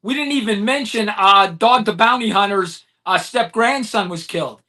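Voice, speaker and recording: Forceful, emphatic podcast co-host man. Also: sits high, normal speed. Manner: emphatic, heated storytelling. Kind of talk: casual podcast chat.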